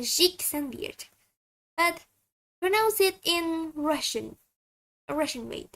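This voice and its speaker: High, slow-talking woman. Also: fairly bright tone. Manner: halting, chatty. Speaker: streamer. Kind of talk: casual stream self-introduction.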